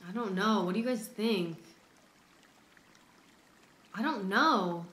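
Casting: young woman YouTuber, easily startled, bright tone, echoey room. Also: medium pitch, slow. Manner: jumpy, exclaiming, easily startled. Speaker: gaming YouTuber. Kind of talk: let's play commentary. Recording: echoey room, faint noise.

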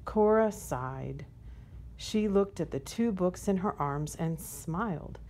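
Slow, gentle woman reading a storybook. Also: on the low side, lively intonation. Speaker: storybook reader. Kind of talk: children's story read-aloud.

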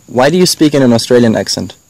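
A man behind the camera, bantering bluntly and deadpan with the host outdoors. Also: mid-range voice, fast. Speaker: cameraman and sidekick. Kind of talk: teasing banter.

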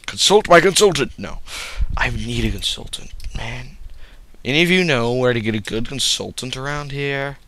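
A man's voice: mid-range voice, moderate pace, pushed and bright, a little hiss or hum. A man giving casual gameplay commentary, rambling and joking to his viewers. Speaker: game commentator.

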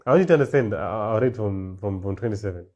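A man preaching a sermon, reading scripture verses slowly and then explaining them with rising emphasis and repeated words. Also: fairly low pitch, lively intonation, a little mellow.

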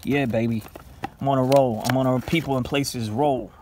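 A man's voice: medium pitch, steady tone, a little fast, darkish tone, a little hiss or hum. A man casually quizzing himself on trivia while eating, playful and self-mocking, now and then talking to his dog. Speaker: vlogger.

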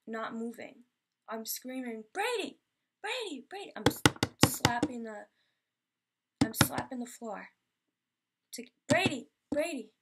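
A woman's voice: a little high, vocal fry, husky. A young woman telling personal stories in a Q&A vlog, rambling and emotional with many fillers. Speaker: vlogger.

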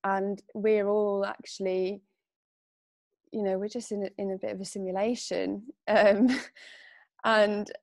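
A young woman chatting as an interview guest, her voice at an ordinary middle pitch. She talks loosely, with lots of fillers and frequent laughs, and she gets emotional. The sound is close and dry. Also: a little mellow, no echo. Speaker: podcast guest. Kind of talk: casual interview chat.

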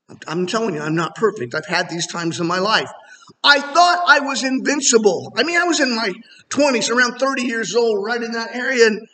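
A middle-aged male pastor preaching a sermon in a church, animated and rising to emphatic near-shouts. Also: high voice. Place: church sanctuary. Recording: long hall reverb.

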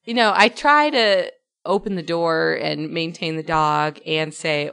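A woman's voice: on the low side, unhurried, vocal fry, clear, resonant tone. A woman co-hosting a podcast, telling a story in casual chat and laughing often as she goes. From New Mexico. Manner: laughing storyteller, animated retelling. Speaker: podcast co-host.

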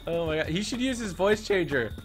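Animated man commentating on a game. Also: sits high, brisk. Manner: animated, repeats phrases, stammers when excited. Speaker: gaming channel host. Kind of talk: excited gameplay commentary. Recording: game music playing clearly behind. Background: game music.

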